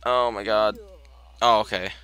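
A young man with a bright, forceful voice talks his way through a life-sim game, telling his characters what to do next. His commentary is loose and chatty, and he breaks now and then into exasperated outbursts. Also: lowish voice, fairly even intonation, measured pace, smooth. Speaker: gameplay commentator. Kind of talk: casual let's-play commentary.

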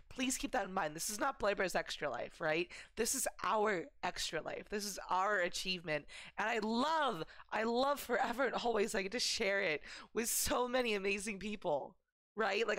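A woman's voice: medium pitch, fairly bright tone, no echo. A woman livestreaming a charity stream, talking in a gushing, emotional way with a lot of rambling and fillers. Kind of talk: casual livestream chat.

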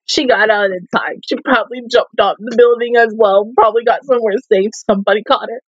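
A woman's voice: fairly high pitch, steady tone, fairly quick, breathy edge, dry recording, muffled recording. Emotional woman reacting to anime. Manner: emotional, swearing, disbelieving outbursts.

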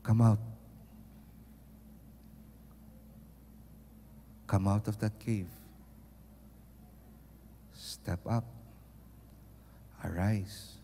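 A man voicing God as a gentle, hushed, slow voice. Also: on the low side, fairly even intonation, slight background noise, pitched below the performer's own voice. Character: God speaking as gentle low voice. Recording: long reverb of a large hall.

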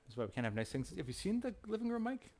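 A man's voice: sits high, very animated, rapid-fire, a little mellow. A man joking and teasing his friends in casual chat while setting up an online game. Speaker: gamer in a party chat.

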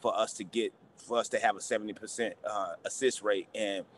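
A low-pitched man answers as a basketball coach at a press availability, stopping and restarting, repeating words and leaning on fillers. Faint ambient noise sits behind him. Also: fairly even intonation, a little fast.

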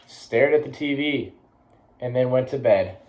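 A young man reads a children's picture book aloud for schoolchildren. His voice sits at a middle pitch, lively and animated, and he slips into quick character voices as he goes. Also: low-quality recording. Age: young adult. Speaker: college athlete reading aloud.

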